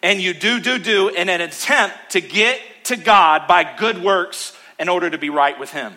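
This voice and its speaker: A male pastor preaching a sermon in church, emphatic, with rhythmic repetition, swinging between loud calls and hushed asides. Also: high voice, normal speed, hardly any pauses.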